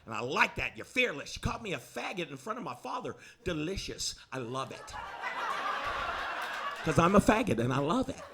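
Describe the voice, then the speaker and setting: A man's voice: fairly high pitch, big pitch swings, normal speed, very noisy, voice pushed down. A man playing his flamboyant, sensitive gay male friend, talking in a gushing, theatrical way.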